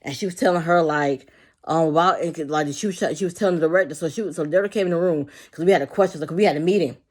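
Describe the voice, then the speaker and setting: Low-voiced lady ranting fast about her old job, swears a lot, keeps repeating herself. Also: darkish tone. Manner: rambling, profane, repeats herself; acts out quotes of coworkers. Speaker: childcare worker. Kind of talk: casual venting monologue.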